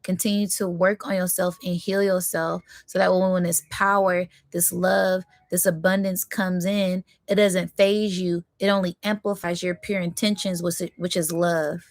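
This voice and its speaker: Excitable woman doing a live tarot reading. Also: on the low side, moderate pace, few pauses, dry recording, studio quality. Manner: affirming, repetitive, bursts into excitement. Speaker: spiritual tarot reader.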